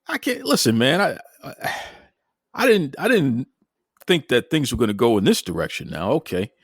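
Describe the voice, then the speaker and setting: Boston-accented male podcast host, playful and halting, with a bouncy, animated voice. Dry, close recording. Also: medium pitch, breathy edge, no echo. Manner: jokey, stammering, lively teasing. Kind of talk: casual interview chat.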